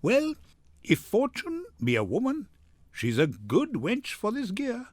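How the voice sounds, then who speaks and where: A man's voice: high-pitched, wildly swooping pitch, slow, no room sound, pitched above the performer's own voice, full character voice. A man playing a giddy clownish servant lad. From India. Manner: chuckling, sing-song Shakespearean clowning. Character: clownish young male servant, giddy and joking. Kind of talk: dramatic reading.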